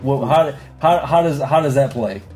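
A man's voice: medium pitch, moderate pace, darkish tone. A man co-hosts a loose sports podcast with a mid-range voice. He runs through results with showman hype, calling out "ding" for every correct pick. Faint music plays behind him. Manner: hypes announcements, sings out "ding" on picks. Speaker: podcast co-host. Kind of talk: casual sports podcast chat.

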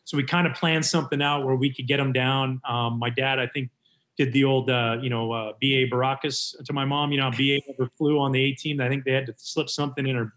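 Male guest, Canadian-raised, forties, lively storyteller, casual. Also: medium pitch, quick pace. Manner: animated storyteller acting out quotes. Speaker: former baseball pitcher, guest.

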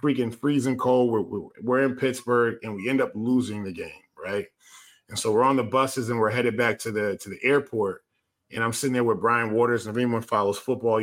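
A man's voice: mid-range voice, a bit bright. A man who once played pro football, co-hosting a casual sports talk show, speaking emphatically and repeating his points. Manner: emphatic, repeats himself, tells stories.

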